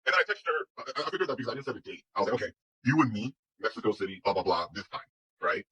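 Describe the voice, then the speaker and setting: A man's voice: fairly low pitch, very animated, very fast, pushed and bright, slightly rough, rough recording. A man telling a personal story in a casual, rambling way, full of restarts and quoted dialogue. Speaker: guest telling his story.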